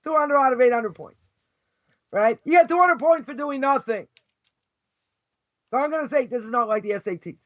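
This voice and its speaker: A man teaching a lesson as a rabbi, passionate, loud and sarcastic, mocking others in quick put-on voices. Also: very high-pitched, no room sound. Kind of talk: fiery lesson. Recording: dull, dry close recording.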